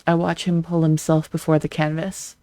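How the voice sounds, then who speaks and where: A let's play streamer reading a visual novel aloud in an even, flat delivery, with short asides of their own. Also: mid-range voice, normal speed, dry recording.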